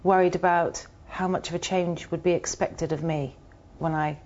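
A woman being interviewed, telling a personal story in an earnest, halting way with many restarts. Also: on the low side, fairly even intonation, a little mellow. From United Kingdom. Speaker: interview guest. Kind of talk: reflective personal account. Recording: muffled, dull audio.

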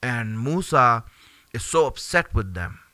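A man teaching a religious lesson in an animated, conversational way, often dropping in fillers between his points. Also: mid-range voice, unhurried, dry recording. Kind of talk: storytelling sermon.

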